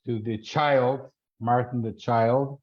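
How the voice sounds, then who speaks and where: A man hosting a podcast interview, asking questions and interjecting quickly. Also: medium pitch, fairly even intonation, noisy background. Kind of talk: conversational interview. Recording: dull muffled lo-fi audio.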